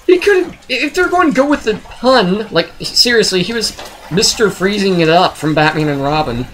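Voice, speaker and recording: A man reviewing a movie in a sarcastic, exasperated rant, often jumping into high, incredulous outbursts. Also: very animated, moderate pace, a bit bright, slight background noise, low-quality recording.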